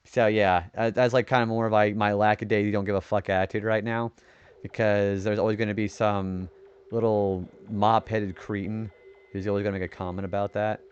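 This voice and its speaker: Young male streamer with a clear, smooth nerdy voice, rambling chat and frequent swearing while he plays. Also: fairly low pitch, little pitch movement, fairly quick, highs cut off. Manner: rambling, swears often when frustrated; self-described nerdy voice. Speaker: game streamer. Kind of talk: casual gaming stream chat.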